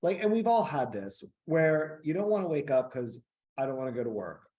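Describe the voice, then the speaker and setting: A man's voice: fairly high pitch, very animated, a little fast, mellow. A man co-hosting a podcast, chatting casually in an upbeat way with lots of filler words. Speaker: podcast co-host. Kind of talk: casual chat.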